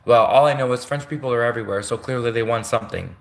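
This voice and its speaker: A man's voice: medium pitch, quick pace, creaky. A man from Canada rambling on a livestream, correcting himself as he goes. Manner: rambling, self-correcting, addresses a public figure directly.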